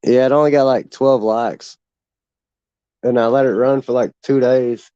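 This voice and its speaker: A man's voice: medium pitch, steady tone, unhurried, mellow, clear, resonant tone, dry recording. A man, chatting casually on a livestream with crude, laid-back humor. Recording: dull dry lo-fi mic.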